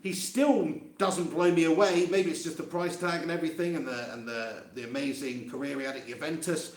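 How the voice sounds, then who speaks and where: This fan channel host's voice sits on the high side and moves a little fast. Holding a mic close to his face, he runs a live fan reaction stream from an empty room with echoey sound, laughing frequently, chatting casually and reading viewer comments.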